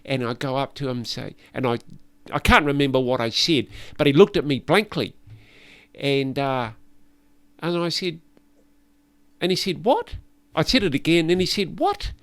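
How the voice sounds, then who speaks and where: Gravelly New Zealand man, smooth and dry. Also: medium pitch, normal speed, long pauses, a bit bright, no room sound. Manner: laughing, self-deprecating yarns. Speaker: podcast guest, builder. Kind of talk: casual chat, storytelling.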